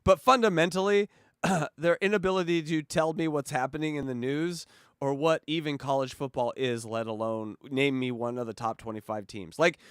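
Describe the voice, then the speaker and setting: A man's voice: medium pitch, smooth, no echo, studio quality. A man co-hosting a casual comedic podcast, laughing often and slipping into quoted voices. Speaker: podcast co-host.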